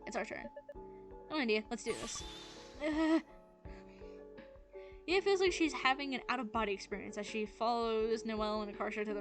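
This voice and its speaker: Let's play host, woman, casual reader, slightly high voice, game music behind. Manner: casual, with fillers and restarts. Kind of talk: reading a visual novel aloud with commentary.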